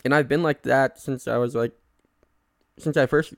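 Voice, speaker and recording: A man's voice: mid-range voice, fairly even intonation, moderate pace, gravelly, no echo, clean studio sound. A young man chatting casually on a podcast, rambling and self-mocking, laughing often. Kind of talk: casual chat.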